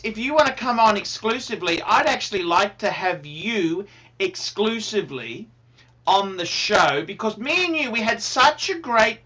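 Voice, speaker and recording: A man hosting a livestream in a casual, rambling, excitable way, repeating himself and swearing now and then. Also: high voice, highs cut off. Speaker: livestream host.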